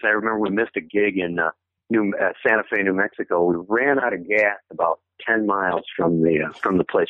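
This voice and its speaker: A low-voiced man from Michigan tells stories as an interview guest, rambling with restarts and fillers. His voice comes through a narrow, tinny phone line. The sound is dry, with no room around it. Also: dry recording. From Michigan, USA. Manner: rambling, many restarts and fillers, laughs while telling stories. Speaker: interview guest, former punk band member. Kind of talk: casual storytelling in an interview.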